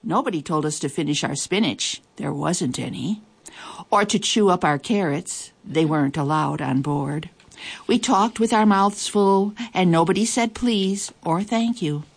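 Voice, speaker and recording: A woman reading a children's story aloud in a lively, expressive way. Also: lowish voice, unhurried, gravelly, husky. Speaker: storybook reader.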